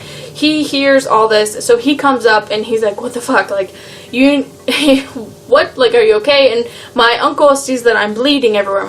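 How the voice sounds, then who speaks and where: Chatty young woman, high voice. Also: fairly bright tone, slight background noise. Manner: rambling, lots of "like" and "um". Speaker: vlogger. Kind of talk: casual storytime vlog.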